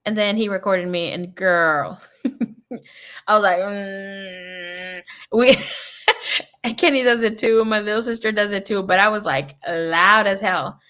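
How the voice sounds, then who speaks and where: A woman's voice: mid-range voice, a little slow, sharp tone. A woman tarot reader chatting casually on a livestream, telling rambling stories full of swearing and laughter. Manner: chatty, profane storytelling; laughs often.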